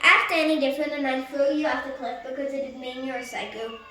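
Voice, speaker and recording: A woman voicing a gruff, impatient teenage boy who leads a group of boys, speaking in rough slang and barking orders. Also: high voice, flat delivery, brisk, bright, forceful tone, reverberant, recorded from a distance, a little hiss or hum.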